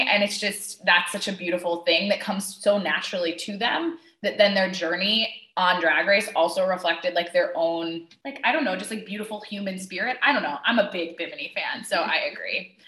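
A woman's voice: on the low side, moderate pace, hardly any pauses, sharp tone, reverberant. A woman hosting a casual podcast chat, talking loosely and laughing at her own slips. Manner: chatty, laughing, self-correcting. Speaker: podcast host.

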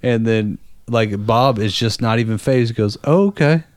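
A man in casual conversation, telling a story and acting out the people in it with loud, high-pitched quotes. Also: moderate pace, clear, resonant tone, no room sound, studio quality. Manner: animated, acts out quotes with loud high voices.

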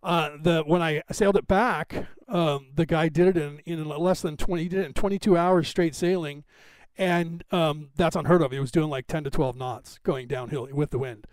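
Middle-aged Californian man, loose, rambling live-stream host, slightly high voice, dry recording. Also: steady tone, moderate pace, no echo. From Northern California. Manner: chatty, digressive, tags sentences with "right?". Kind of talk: rambling casual chat to live viewers.

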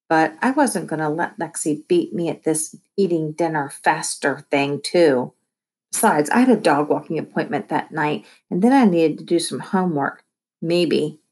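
A woman reads a children's novel aloud, narrating steadily and with expression. Her voice is low for a woman and has a husky grain. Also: a little mellow. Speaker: reader.

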